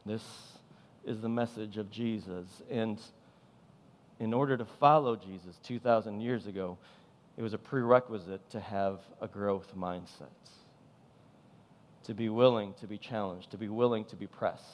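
A man's voice: on the low side, normal speed. Impassioned male pastor in a reverberant hall. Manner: impassioned, emphatic preaching with repeated phrases. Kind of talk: sermon.

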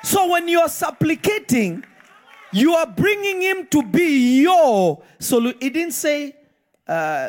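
A man preaching a live sermon in a church, reading scripture slowly and then breaking into impassioned shouts. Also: very high voice, sing-song. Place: church sanctuary.

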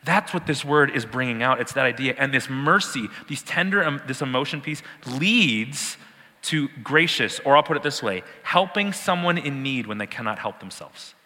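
A man's voice: medium pitch, lively intonation, normal speed, bright, forceful tone, in a large hall. A man teaching a sermon, explaining words with emphatic repetition and the odd laugh. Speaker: preacher.

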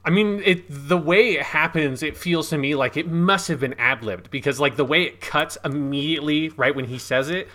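A man co-hosting a film podcast, talking in a relaxed, chatty way with fillers and some swearing. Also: fairly high pitch, moderate pace, hardly any pauses. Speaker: podcast co-host. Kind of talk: casual film discussion.

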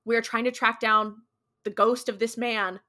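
She's a podcast co-host casually retelling a TV episode, chatty and slangy, with "like" all over the place. Her voice is on the high side and bright and forceful, though her delivery is flat and unhurried.

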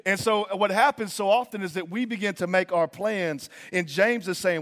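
High-voiced pastor preaching in a hall. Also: male voice, normal speed, few pauses. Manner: animated, acts out quoted voices, conversational. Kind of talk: sermon. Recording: long reverb of a large hall.

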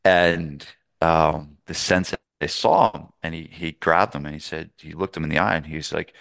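Gravelly low-voiced male podcast host. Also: fairly bright tone, dry recording. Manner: enthusiastic, rambling with restarts. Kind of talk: casual interview chat.

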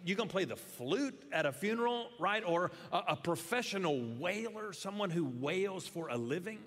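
Animated middle-aged male pastor, echoing hall. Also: high voice, normal speed. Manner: animated, conversational preaching with many restarts. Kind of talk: sermon.

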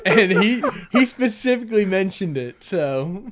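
Laid-back high-voiced young man. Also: very animated, normal speed, a crowd in the background. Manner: laid-back, casual, says dude a lot. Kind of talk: casual comedic banter.

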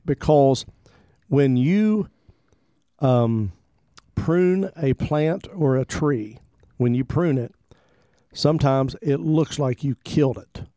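Easygoing male pastor co-host, mellow voice, unhurried and rambling. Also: mid-range voice, no echo, studio quality. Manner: easygoing, rambling, repeats words while thinking. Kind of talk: casual Christian radio talk.

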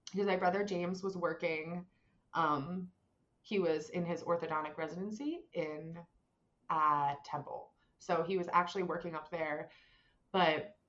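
Young woman, casual animated storyteller with lots of "like"s, slightly muffled recording. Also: fairly low pitch. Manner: animated, many fillers, acts out voices in quotes. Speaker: guest telling a personal story.

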